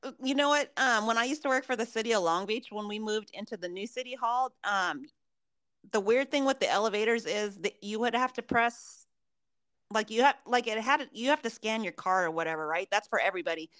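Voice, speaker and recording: A woman's voice: fairly high pitch, a little fast, fairly bright tone, no echo. Dry, foul-mouthed woman co-host. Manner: profane, rambling storyteller. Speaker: podcast co-host. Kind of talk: casual chat.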